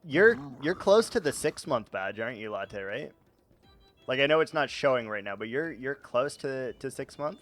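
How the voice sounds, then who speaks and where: A young man chats to his viewers while he plays, rambling from one joke to the next and poking fun at himself. His voice sits at an ordinary middle pitch, and quiet game music plays faintly behind him. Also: sing-song, normal speed. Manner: rambling, jokey, self-mocking, chuckles often. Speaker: streamer. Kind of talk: casual gaming stream chat.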